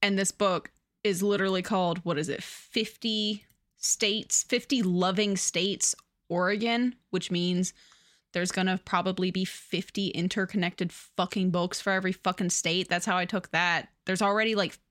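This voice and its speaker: A woman's voice: lowish voice, fairly even intonation, normal speed, a bit bright, no room sound, clean studio sound. A woman co-hosting a podcast, chatting casually about a romance novel in a candid, emphatic way and swearing freely. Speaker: podcast co-host. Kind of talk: casual book chat.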